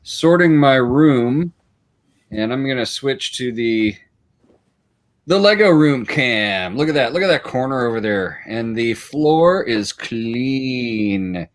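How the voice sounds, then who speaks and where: A man with a mid-pitched, ordinary voice talks casually on a video call. He gives an easygoing, upbeat update. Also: lively intonation, slow pace.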